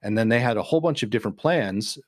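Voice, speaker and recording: Man, low voice, dry close sound, relaxed podcast chat, easygoing storyteller. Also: fast, no room sound. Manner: relaxed storytelling with fillers and restarts. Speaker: podcast co-host. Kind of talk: casual chat.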